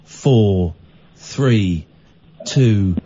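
A man's voice: on the low side, very slow, mellow, slight background noise. A man hosting a late-night radio phone-in, playful and teasing, with mock outrage. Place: radio studio. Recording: muffled radio broadcast.

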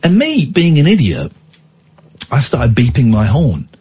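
A man hosts a talk radio show, telling stories with a husky, rough-edged voice. His pitch leaps about as he acts out the people in them. The sound is dull and lo-fi, like an old radio broadcast. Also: huge pitch swings, a little slow, darkish tone. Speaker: radio phone-in host. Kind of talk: casual talk radio storytelling.

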